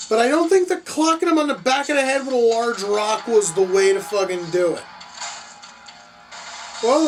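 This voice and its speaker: A foul-mouthed reaction vlogger chats casually through a horror film, cheering at the gory bits. The voice sits in a middle pitch and sounds set back from the microphone. Faint music plays underneath. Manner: excitable, profane, openly gleeful at gore. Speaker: movie reaction host. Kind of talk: casual movie reaction commentary. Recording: distant mic with faint music behind.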